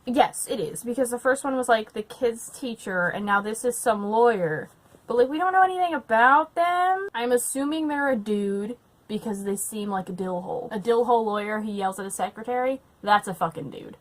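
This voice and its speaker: A young woman at home, tipsy on wine, chatting casually to camera and ranting with lots of swearing and loud outbursts. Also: on the high side, lively intonation, normal speed. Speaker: book vlogger. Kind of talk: casual drunk reading vlog.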